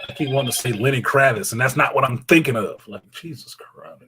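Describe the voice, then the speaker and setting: A man's voice: medium pitch, a little fast, hardly any pauses, sharp tone, slight background noise, low-quality recording. A man hosting a live stream, chatting loosely with viewers, joking, swearing and reading out their messages. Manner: swears freely, slangy. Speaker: livestream host.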